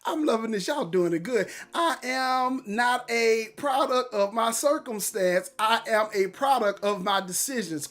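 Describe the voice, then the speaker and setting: A man's voice: very high voice, lively intonation, unhurried, few pauses, a bit bright. A man hosting a casual morning livestream, hyped and upbeat, reading out viewer comments with loose, repetitive catchphrases. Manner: hyped, upbeat encouraging talk. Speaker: livestream host.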